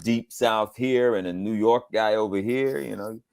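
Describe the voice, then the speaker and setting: Low-voiced man from the South, lively storyteller. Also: moderate pace, vocal fry. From Southern United States, Georgia. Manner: animated storyteller, leaps up high when quoting people. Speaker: voice actor guest. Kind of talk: casual interview chat.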